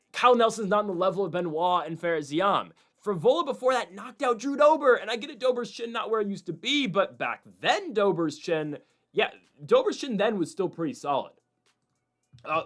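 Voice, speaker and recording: A man's voice: high voice, a bit bright. Rambling man giving fight predictions. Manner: rambling, self-correcting, incredulous asides. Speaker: MMA prediction host. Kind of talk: casual sports commentary.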